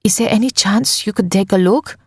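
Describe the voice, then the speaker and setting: A woman's voice: medium pitch, a little fast, a little mellow, slightly rough, no echo, studio quality, voice pushed up. A woman voicing a breathless young woman in an audiobook, overly polite and pleading. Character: breathless young woman feigning car trouble. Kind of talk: audiobook character voice.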